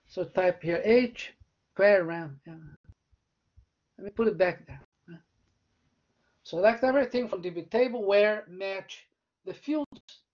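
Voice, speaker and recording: A man, a professor giving a live coding lecture. He talks through the code step by step and keeps checking in with "né?" and "right?". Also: high voice. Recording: dull lo-fi recording.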